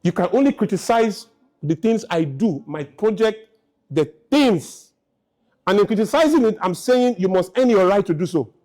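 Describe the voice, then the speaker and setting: A man's voice: sits high, animated, moderate pace, darkish tone. Emphatic man in his fifties. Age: 50s. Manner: emphatic, hammering rhetorical questions. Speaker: speaker. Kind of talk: motivational lecture to a live audience.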